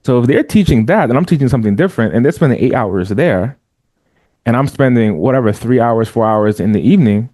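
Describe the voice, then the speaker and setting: Emphatic, mellow-voiced man on a podcast. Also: medium pitch, lively intonation, brisk, no room sound, studio quality. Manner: emphatic, repeats words while building a point. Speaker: podcast guest, entrepreneur and father. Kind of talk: casual podcast conversation.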